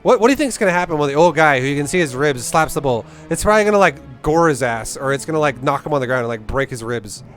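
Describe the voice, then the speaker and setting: A man's voice: on the high side, expressive, fast, hardly any pauses, a bit bright, faint music behind. Blunt, profane young man coaching. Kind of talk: casual game coaching commentary.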